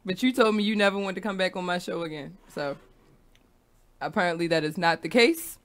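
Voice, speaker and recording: A woman's voice: on the low side, fairly quick. A woman hosting a radio talk show, casual and frank, laughing often. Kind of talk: casual chat. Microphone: studio microphone.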